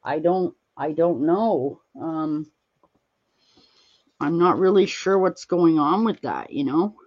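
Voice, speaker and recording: Slow, rambling woman chatting to viewers. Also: deep voice, lively intonation, muffled recording. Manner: rambling, gently reassuring, many fillers. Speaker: livestreamer answering chat. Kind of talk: casual chat while crafting.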